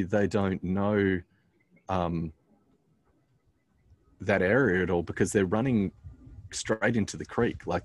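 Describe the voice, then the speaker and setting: A man, a pastor telling a story as a guest in a casual conversation, halting often with "um" and restarting his sentences. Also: sits low, slightly rough.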